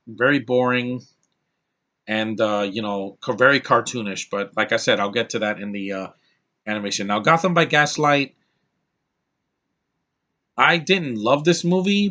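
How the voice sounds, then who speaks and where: A man's voice: mid-range voice, bright, forceful tone. A man casually reviewing films off the cuff, rambling with restarts and blunt opinions. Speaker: film reviewer.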